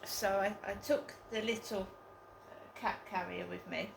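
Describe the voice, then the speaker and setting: A woman's voice: medium pitch, fairly even intonation, creaky, echoey room, slight background noise, poor audio. A woman telling a story in a casual vlog, hesitant and full of ums. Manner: slow, hesitant, with many ums. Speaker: vlogger.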